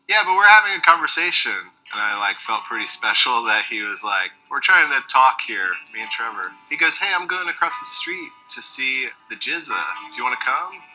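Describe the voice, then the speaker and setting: A man telling a casual anecdote, animated and acting out the voices of the people in it. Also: medium pitch, poor audio. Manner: animated, acts out quoted voices. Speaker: storyteller in a documentary.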